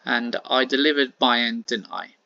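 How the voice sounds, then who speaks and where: A man voicing a determined female wrestler who betrays her partner, speaking low and quiet. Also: steady tone, moderate pace, creaky, dry recording, highs cut off. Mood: cold.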